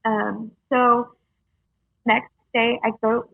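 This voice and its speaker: A young woman telling her personal story in a halting, earnest way, with many fillers, heard over a tinny phone-like line. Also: fairly high pitch, little pitch movement, vocal fry, no echo. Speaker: guest sharing her story. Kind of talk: casual storytelling.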